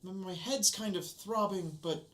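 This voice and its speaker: A man's voice: sits high, measured pace, fairly bright tone, voice pushed up. A man voicing a flustered young woman servant who stammers and restarts. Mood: shaken.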